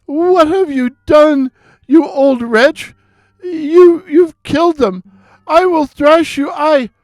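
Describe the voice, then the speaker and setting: Evil old stepmother in a folktale: shrill, scolding, loud, voiced by a male storyteller. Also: takes it slowly, no room sound, studio quality. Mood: furious. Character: cruel shrill old stepmother, bossy and furious.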